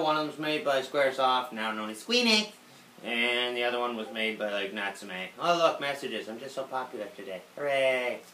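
A man's voice: mid-range voice, sharp tone. A man hosting a casual viewer Q&A, sarcastic and self-mocking, swearing freely. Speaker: YouTuber host. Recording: roomy room with faint noise.

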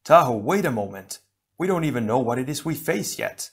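A man's voice: mid-range voice, big pitch swings, brisk, breathy edge. A cautious, thoughtful hero , as a man acts him out calls out urgently. He pleads for restraint in an audiobook.

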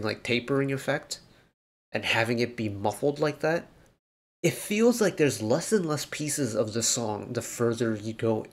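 A man hosting a music reaction video, talking through the song in an analytical, rambling way with lots of fillers. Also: mid-range voice. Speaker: K-pop reaction host. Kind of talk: casual reaction commentary.

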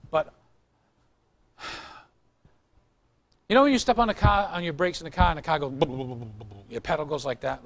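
A man preaching as a pastor, chatty and joking, teasing the congregation and asking them to shout. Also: fairly high pitch. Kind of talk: sermon. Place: church. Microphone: recorded on tape in the room.

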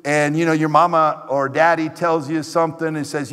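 A male pastor preaching a sermon, animated and emphatic, repeating his exhortations. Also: a little high, moderate pace, smooth. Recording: echoey hall.

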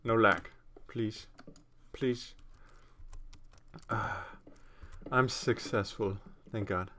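A young man casually commentating his own gameplay at home on a desktop microphone, rambling and self-mocking with sudden excited outbursts. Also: on the low side, drawn-out words, slight background noise. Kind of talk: casual let's-play commentary. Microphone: desktop USB microphone.

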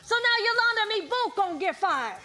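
A woman's voice: very high-pitched, lively intonation, fast talker, pushed and bright, exaggerated voice. An actress playing a stern, exasperated working mother who scolds sharply, speaking on a theater stage. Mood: scolding. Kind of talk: stage play acting.

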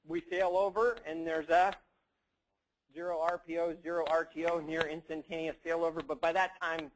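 A man's voice: fairly high pitch, slight background noise, poor audio. A man giving a casual, joking conference talk, rambling with lots of fillers and asides. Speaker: conference presenter.

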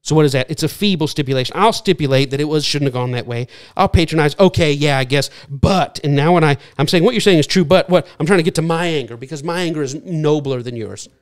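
A middle-aged man teaching from slides in an earnest, searching way. His voice sits a little high for a man, and he often slips into quick impressions of other people. He talks it through like a teacher explaining a point. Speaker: speaker teaching a series. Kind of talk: lecture-style talk with slides.

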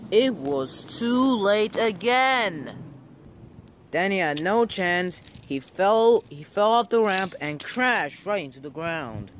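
A man reading out a homemade train story at a very slow pace, his voice sitting fairly high. He stumbles and restarts often. A faint hiss sits under the voice. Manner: slow, halting, many restarts.

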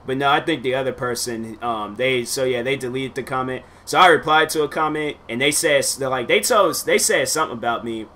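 A man's voice: mid-range voice, fairly quick, few pauses, sharp tone, slight background noise. A young man in his twenties, a YouTuber chatting loosely and rambling through reactions to his own old videos, full of slang and fillers. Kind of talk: casual rambling commentary.

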